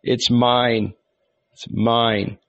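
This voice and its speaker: A man's voice: mid-range voice, little pitch movement, very slow, a bit bright, highs cut off. A man reading aloud, voicing a troubled young man who speaks with bitterness and fear. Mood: contrite. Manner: contrite, bitter, subdued. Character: contrite troubled young man, quiet and fearful.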